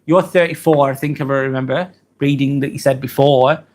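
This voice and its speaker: An earnest, hesitant man from England, in his 40s, casually goes through viewer comments on his live stream, with lots of ums and apologies. His voice is medium-pitched and a little mellow, with fairly even intonation and a brisk pace.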